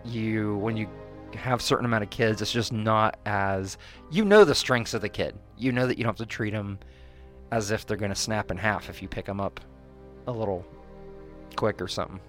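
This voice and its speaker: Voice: moderate pace, soft background music. A podcast co-host chatting casually, rambling with many fillers and restarts and acting out quoted people. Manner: acts out quoted people in higher voices. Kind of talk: casual chat.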